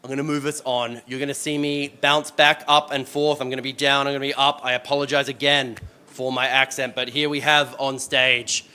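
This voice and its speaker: A man with an Australian accent hosts a live panel discussion with energy and self-deprecating humor. His voice is very bright and forceful, at a middle pitch for a man. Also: level tone, fairly quick, clean tone. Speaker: event moderator.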